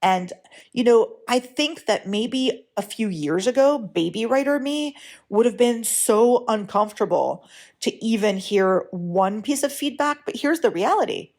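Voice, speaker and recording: A woman hosts her own podcast as a writing coach, speaking in a relaxed, conversational way. She is frank and now and then mildly profane, and she keeps checking in with her listeners with a quick "right?". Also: fairly high pitch. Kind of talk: casual solo podcast talk.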